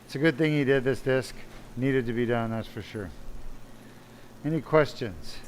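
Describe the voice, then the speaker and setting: A man's voice: medium pitch, moderate pace, slight background noise. Chatty male surgeon narrating live surgery. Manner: chatty, self-deprecating, talks to viewers while working. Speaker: spine surgeon. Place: operating room.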